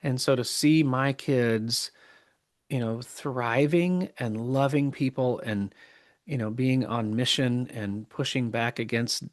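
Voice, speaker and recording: Middle-aged male podcast guest, earnest and halting, mid-pitched voice. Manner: earnest, halting, many restarts. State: choked up with emotion. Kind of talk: casual interview talk.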